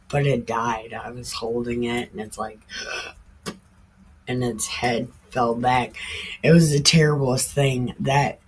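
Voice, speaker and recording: A woman's voice: a bass voice, a little hiss or hum. A woman retelling a Bible story in a casual, irreverent way, full of slang, cussing and laughing asides.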